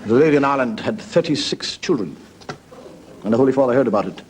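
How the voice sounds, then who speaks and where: A man's voice: medium pitch, lively intonation, fast, very noisy. A man telling jokes in a wry, conversational stand-up monologue. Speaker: stand-up comedian.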